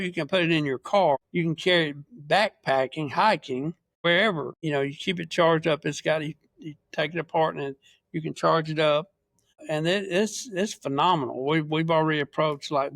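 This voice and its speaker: A man's voice: fairly high pitch, a bit bright, no room sound. A man, a paramedic guest on a podcast, telling stories earnestly with many restarts. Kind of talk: casual interview chat.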